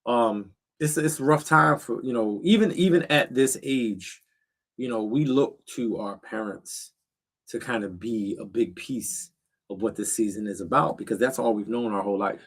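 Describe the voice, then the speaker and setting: A laid-back middle-aged man hosting a casual livestream from his backyard shed on a cold night. He talks straight to his viewers in a relaxed, slangy way, full of fillers and asides. His voice sits at an ordinary male pitch. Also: moderate pace. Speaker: livestream host.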